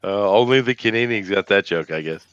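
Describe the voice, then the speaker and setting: A man's voice: lowish voice, fairly quick, a bit bright, smooth, no room sound, lo-fi sound. A man hosting a casual show, reading viewer comments aloud and adding teasing jokes. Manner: joking, reads chat comments aloud with teasing remarks. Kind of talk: casual chat.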